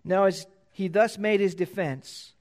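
A pastor preaching a sermon, reading scripture aloud and repeating key phrases for emphasis. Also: male voice, unhurried. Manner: reads scripture louder and higher, then drops low to explain.

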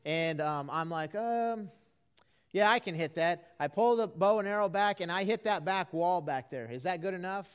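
A man's voice: high-pitched, moderate pace, hardly any pauses, clean tone. A man preaching a folksy, conversational sermon to a live congregation in an auditorium, building to earnest emphasis.

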